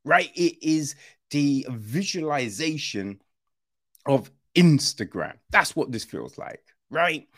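A man hosting a film podcast, reviewing a movie in loose, slangy casual chat, acting out quoted lines and leaning on fillers. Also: medium pitch. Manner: animated, slangy, acts out quoted lines in other voices; drawn-out, loose delivery with many fillers.

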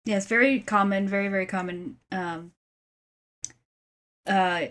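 A woman in a relaxed podcast chat about a film. She agrees easily, laughs often and pauses to search for words. Her voice sits at an ordinary middle pitch. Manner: agreeable, giggly, hesitant. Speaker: podcast co-host. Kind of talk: casual movie review chat.

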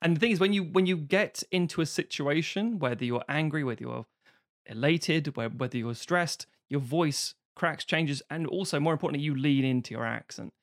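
A male podcast co-host in casual chat, laughing often and talking in an emphatic, animated way. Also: a little high, normal speed, no echo, studio quality.

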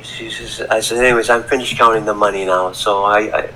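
A man's voice: fairly low pitch, little pitch movement, moderate pace, pushed and bright, a little hiss or hum, low-quality recording. A middle-aged man telling a story as a podcast guest, rambling and repeating words, from Canada. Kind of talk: casual storytelling. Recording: faint background ambience.

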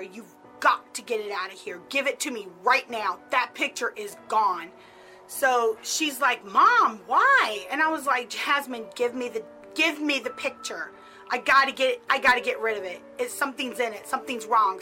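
Bright-voiced middle-aged woman telling a story. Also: on the high side, normal speed, faint music behind, rough recording. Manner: chatty, peppered with "like". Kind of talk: casual personal storytelling.

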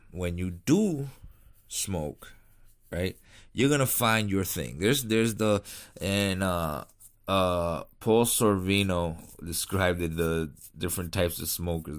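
Deep low guy rambling on about his cigar ritual, tired late night chat, swears a bit. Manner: rambling, laid-back, swears casually. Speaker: cigar vlogger. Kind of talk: casual chat.

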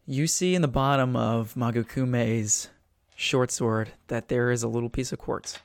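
A man's voice: mid-range voice, steady tone, unhurried, smooth, no echo. Male game master, casual rambling narration, dry home-mic sound. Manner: loose, hesitant narration with many fillers.

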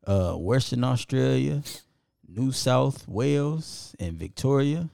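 A man's voice: medium pitch, animated, slow pace, vocal fry, mellow, no echo, clean studio sound. A man co-hosting a podcast, casually reading out listener locations and apologizing when he stumbles over foreign names. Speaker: podcast co-host.

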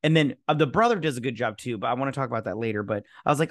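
A man's voice: medium pitch, racing, few pauses, a bit bright, no room sound, clean studio sound. A man co-hosting a podcast, chatting casually and profanely about a movie, rambling with lots of restarts and fillers. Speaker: podcast co-host. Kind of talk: casual movie review chat.

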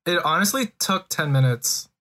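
A young man on a podcast in casual chat, telling a story in a hesitant, halting way. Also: on the high side, expressive, sharp tone. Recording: noisy mic with clicks.

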